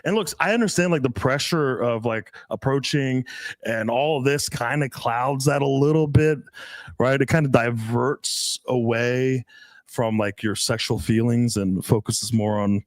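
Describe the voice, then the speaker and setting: A man coaching on dating in casual podcast chat, talking in an animated, emphatic way with a lot of swearing. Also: mid-range voice, unhurried, no room sound.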